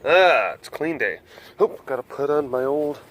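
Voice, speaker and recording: A man filming a casual walking vlog outdoors at an animal compound, talking softly and cooing to the big cats. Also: mid-range voice, expressive, measured pace, a little hiss or hum. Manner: soft baby talk to big cats. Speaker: animal keeper vlogger. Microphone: camera mic with windscreen.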